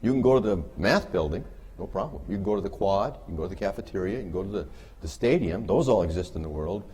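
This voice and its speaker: A man's voice: low voice, animated, quick pace, warm tone, slightly rough. A man giving a humorous conference lecture on behavior analysis, wry and joking with the audience. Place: conference hall.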